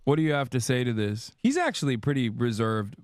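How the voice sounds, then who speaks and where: A man's voice: mid-range voice, sing-song, a little fast, darkish tone, dry recording, studio quality. A man streaming, reacting to a clip in a laid-back, joking, profane way. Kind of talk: casual reaction chat.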